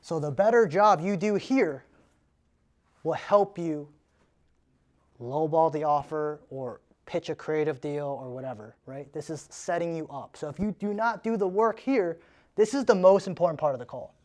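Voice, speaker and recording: A man giving a live sales training in a casual, energetic way, often tagging his points with "right?". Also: on the high side, moderate pace.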